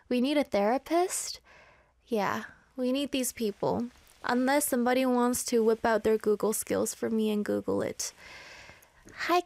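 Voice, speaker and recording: A woman's voice: fairly high pitch, a little mellow, no room sound. Playful young woman radio DJ, dry sound. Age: 20s. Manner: chatty, playful, self-teasing. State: a little out of breath. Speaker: radio DJ and live stream host. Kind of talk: casual radio chat reading live comments. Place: small studio, in a Korean city.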